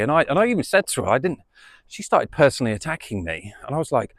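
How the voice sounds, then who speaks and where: A man's voice: medium pitch, big pitch swings, quick pace. A man telling a story casually to camera, rambling and repeating himself with many fillers, outdoors in the wind on a small mic. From United Kingdom. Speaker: vlogger. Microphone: small camera mic without windscreen.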